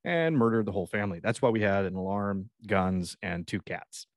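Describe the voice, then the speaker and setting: A man's voice: on the low side, moderate pace, slight background noise. A man chatting casually on a podcast, rambling and joking and acting out little scenes. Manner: rambling, jokey, acts out scenes. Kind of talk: casual chat.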